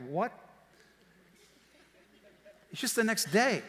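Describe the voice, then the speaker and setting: A man preaching a sermon as pastor, telling stories in a lively way that swings from quiet asides to shouts. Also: medium pitch. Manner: animated storytelling, shouting and quick laughs. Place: church auditorium. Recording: long hall reverb.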